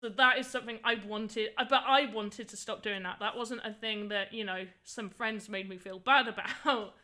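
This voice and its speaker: Chatty young streamer, bright, slightly high voice, casual rambling delivery. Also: female voice, fairly even intonation, normal speed. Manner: chatty, rambling, frequent "like" fillers. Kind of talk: casual livestream chat while making voxel art.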